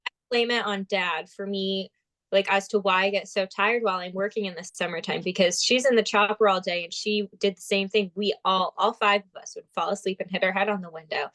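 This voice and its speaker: A young woman from Vermont talks as a guest in a casual interview. She tells stories with animation and acts out what people said. Her pitch sits in the middle range for a woman. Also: a little fast. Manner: animated storyteller, acts out quotes. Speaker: guest, pageant titleholder.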